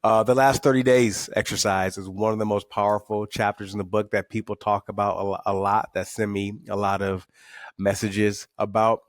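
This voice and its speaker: A middle-aged man, a guest author telling stories with candid, animated energy on a podcast. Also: on the low side, normal speed, dry recording, studio quality. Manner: candid, animated storytelling with repeated words. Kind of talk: podcast interview.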